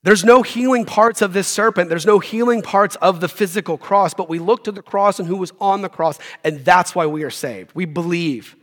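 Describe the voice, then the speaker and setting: Speaking at normal speed with hardly any pauses, a high-pitched man delivers a sermon as a visiting pastor. His scripture reading is sprinkled with relaxed jokes, and the church hall gives the recording a long reverb.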